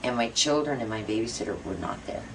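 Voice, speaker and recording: A woman's voice: extremely low pitch, lively intonation, quick pace, gravelly, background noise. A middle-aged woman being interviewed, earnestly telling a personal ghost story with many fillers. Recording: voice a bit far from mic, faint music.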